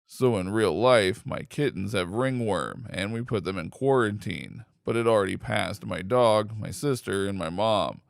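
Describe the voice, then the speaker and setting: Guy reading internet stories out loud, steady and even, raspy fry in his voice, dry close sound. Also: fairly low pitch, a little slow, few pauses, no room sound. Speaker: story reader. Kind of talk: scripted narration of online posts.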